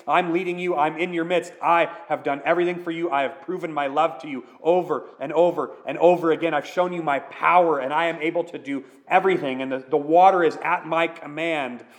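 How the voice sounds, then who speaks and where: A man voicing God as a patient, loving father who reassures his thirsty people, speaking gently and earnestly. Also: on the high side, pitched above the performer's own voice, natural voice.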